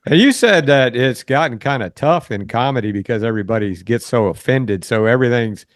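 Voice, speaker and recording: A man hosting a relaxed talk show who laughs often and asks loose, wandering questions. His voice sits in the middle range, and the recording is dry and close. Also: mid-range voice, fairly quick, no room sound. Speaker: podcast host. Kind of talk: casual interview chat.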